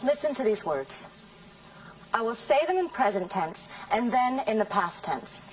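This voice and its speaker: A woman teaching English in a scripted classroom lesson, saying model sentences slowly and carefully. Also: fairly high pitch, sing-song, distant mic, slight background noise, rough recording. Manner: slow, careful, over-articulated model sentences.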